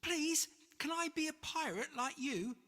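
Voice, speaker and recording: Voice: high voice, a little slow, pitched above the performer's own voice, exaggerated voice. A storybook reader voicing an eager young boy who longs to be a pirate. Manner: eager, excited calling out. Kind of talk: storybook read-aloud. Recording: long reverb, faint music behind.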